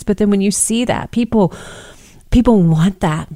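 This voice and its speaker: A woman's voice: medium pitch, normal speed, mellow, no echo, clean studio sound. A woman host responding heartfelt and emphatic to a guest in a faith conversation.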